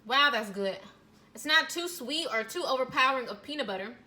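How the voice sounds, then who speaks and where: A woman with a high-sitting voice, lively intonation and a sharp tone speaks fairly quickly as a cooking vlogger in her home kitchen. She chats casually through a recipe and taste test, gushing over her food and addressing her viewers directly.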